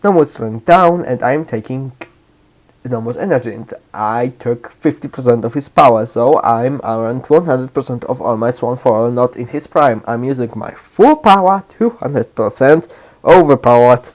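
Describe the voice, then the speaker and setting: A man telling an improvised fan story aloud in a rambling, halting way, often restarting and correcting himself. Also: mid-range voice, darkish tone.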